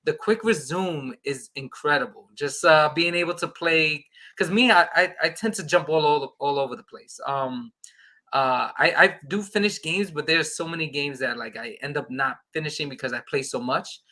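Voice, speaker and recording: A man, a podcast guest, telling an excited casual anecdote and acting out the dialogue. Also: on the high side, normal speed.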